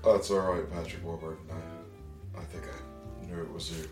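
A man doing improv comedy in a rambling, loose way that now and then jumps to shouting. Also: deep voice, steady tone, normal speed, roomy sound, recorded from a distance, music in the background. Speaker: improv performer.

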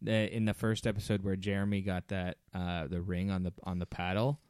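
A man's voice: sits low, level tone, brisk, a little mellow, smooth, no room sound, studio quality. A man co-hosting a podcast, rambling casually and laughing often. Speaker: podcast co-host. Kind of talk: casual chat.

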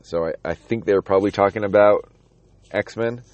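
A man's voice: fairly low pitch, moderate pace, a little mellow, no room sound, highs cut off. A man talking casually about a comic book, rambling with restarts and reading passages aloud.

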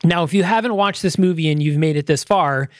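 A man's voice: a little high, fairly quick, no room sound, studio quality. A man co-hosting a movie review podcast, talking loosely with many fillers and restarts. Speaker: podcast co-host. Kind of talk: casual movie review chat.

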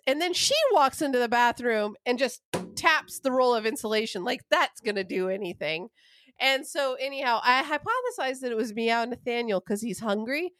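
A woman's voice: on the high side, fairly bright tone, no room sound. A young adult woman telling a long, rambling, profane story in casual chat.

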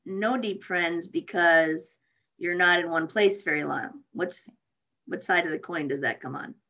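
Slow-talking woman, muffled sound. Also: lowish voice, pushed and bright. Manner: slow, questioning. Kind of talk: casual chat.

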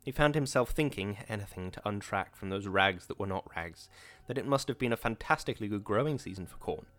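A man narrating an audiobook in a measured, dramatic reading. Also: lowish voice, expressive, a bit bright. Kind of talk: scripted narration.

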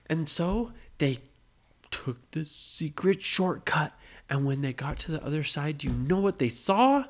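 A woman telling an improvised bedtime story to a child, animated and often pausing to ask what happened next. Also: low-pitched. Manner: animated, asks questions to draw the listener in.

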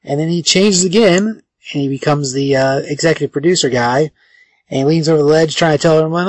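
A man co-hosting a podcast, recapping a comic book in casual, animated talk and jumping in with plot details. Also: fairly high pitch, fairly quick, dry recording. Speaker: podcast co-host.

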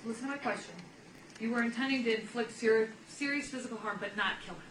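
A woman's voice: fairly high pitch, quick pace, fairly bright tone, slight background noise, poor audio. A woman presiding in a courtroom, asking firm, direct questions.

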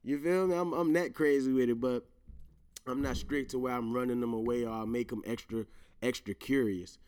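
A male host in casual solo commentary whose voice sits at an ordinary middle pitch. He swears freely, laughs through his own rants and leans on slang. He keeps turning to his listeners with asides like "you feel me?". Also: steady tone, moderate pace, darkish tone, smooth. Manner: profane, laughing, emphatic rants; slang-heavy, addresses listeners directly. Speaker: podcast host.

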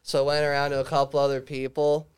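Young male podcast co-host, rambling anecdote, very clear smooth voice, heavy filler words. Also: on the high side, monotone, fast. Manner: loose storytelling, swears often, says dude and like constantly. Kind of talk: casual chat.

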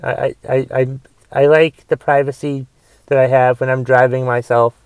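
Grumbling young man with a smooth voice. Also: mid-range voice, little pitch movement, moderate pace, darkish tone, no echo. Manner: grumbling, rambling with restarts and swearing. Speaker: podcast host. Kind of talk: casual solo podcast rant.

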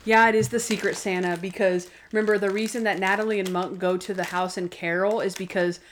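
A woman co-hosting a podcast, chatting casually and recapping TV episodes with lots of "like" and quick asides. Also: medium pitch, fairly even intonation, slight background noise. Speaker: podcast co-host.

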